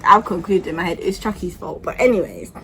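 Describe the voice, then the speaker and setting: A young woman tells a story to camera in a chatty, animated way. Her pitch swings widely as she talks. A faint hiss of room noise sits under her voice. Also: fairly quick, creaky, poor audio. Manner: chatty, animated, keeps asking "yeah?". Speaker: vlogger. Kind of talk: storytime vlog.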